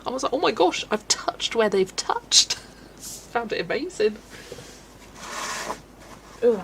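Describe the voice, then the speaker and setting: A woman's voice: mid-range voice, gravelly, darkish tone, slight background noise, poor audio. A woman in her twenties with a West Country accent, chatting casually while colouring on a live stream, thinking aloud and laughing often. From England.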